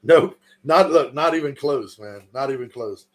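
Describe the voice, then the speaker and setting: A man's voice: medium pitch, lively intonation, moderate pace. A man in his thirties chatting casually and joking on his own livestream, swearing and laughing often. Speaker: livestream host.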